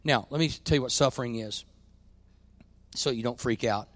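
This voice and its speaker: A man's voice: medium pitch, normal speed, no room sound. Preaching man, dry close sound. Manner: swings from quiet confiding to loud preaching peaks. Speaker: pastor. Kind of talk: sermon.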